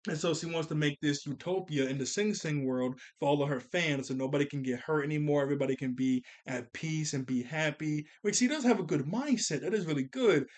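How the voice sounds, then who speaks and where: A man's voice: on the high side, fairly quick, hardly any pauses. A man giving a casual, rambling anime film commentary, often laughing and losing his train of thought. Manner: rambling, laughs often, loose slangy delivery. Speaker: anime reviewer.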